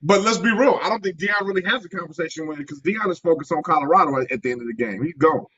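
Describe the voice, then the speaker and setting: A man with a husky, fairly high voice talks fast and emphatically as a sports show co-host. His voice comes through a dull, muffled connection. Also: bright, forceful tone. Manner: quick, emphatic, repeats words. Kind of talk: casual sports talk show.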